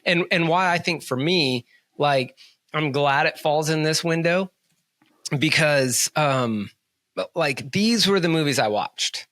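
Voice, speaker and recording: A man's voice: on the high side, takes it slowly, a bit bright, dry recording. Rambling, enthusiastic podcast man. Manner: rambling, enthusiastic, many restarts. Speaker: podcast co-host. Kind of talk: casual chat.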